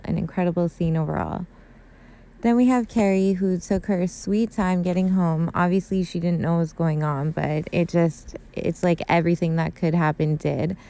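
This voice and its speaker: A woman's voice: lowish voice, dark tone, smooth. A young woman, a YouTuber, chatting casually and emotionally through a recap of a TV episode, saying "like" and "super" a lot. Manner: gushing and emotional, heavy use of "like" and "super".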